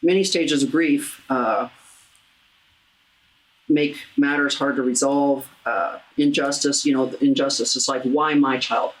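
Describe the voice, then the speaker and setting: Brief: low-voiced female host, earnest and halting, interview on grief. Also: fairly even intonation, poor audio. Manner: earnest, halting, with many restarts. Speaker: talk show host. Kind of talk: heartfelt interview about grief.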